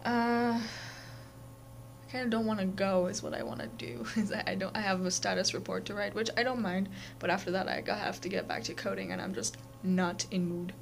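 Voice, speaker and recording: A woman's voice: medium pitch, steady tone, normal speed, vocal fry, slight background noise. Rambling young woman vlogging. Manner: rambling, many fillers and self-corrections. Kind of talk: casual vlog chat.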